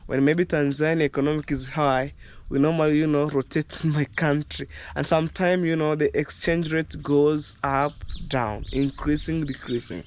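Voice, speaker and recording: A man's voice: a little high, fairly even intonation, moderate pace, clear, resonant tone. A young man from Kenya with a Kenyan accent, chatting loosely to his viewers outdoors in a village yard, peppering his talk with "you know, guys". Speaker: vlogger. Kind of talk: casual vlog chat to viewers.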